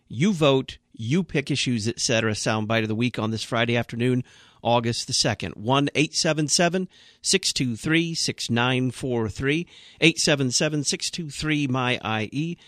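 A man hosting a live radio talk show, briskly reading out phone numbers, contest prizes and contact details. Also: mid-range voice, a bit bright, dry recording, clean studio sound. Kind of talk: radio host announcements. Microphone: studio mic.

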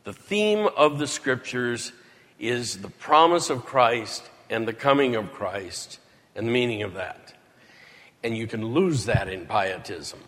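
A man lecturing deliberately at a conference, in a clip played on the radio. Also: mid-range voice, expressive, a bit bright. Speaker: conference speaker. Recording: long hall reverb.

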